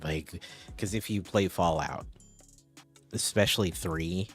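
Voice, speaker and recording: A man's voice: sits low, slow, long pauses, slightly rough, soft background music. A man chatting casually on a live stream, rambling as he answers viewers' chat.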